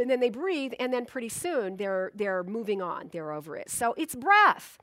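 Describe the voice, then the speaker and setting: High-voiced woman minister preaching conversationally. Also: very animated, brisk, hardly any pauses, a bit bright, no room sound. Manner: conversational, storytelling with acted-out asides. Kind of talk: sermon.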